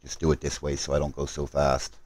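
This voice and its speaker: A man's voice: a bass voice, completely flat delivery, brisk, darkish tone. A man live streaming a game, talking to his chat while he hurries through setup and apologizes for his mistakes.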